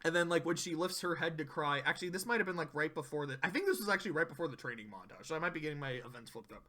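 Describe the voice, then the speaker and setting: Bright, high-voiced guy recapping a cartoon. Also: rapid-fire. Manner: animated storyteller who swears and acts out quotes. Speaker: video reviewer. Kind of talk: casual episode recap and commentary.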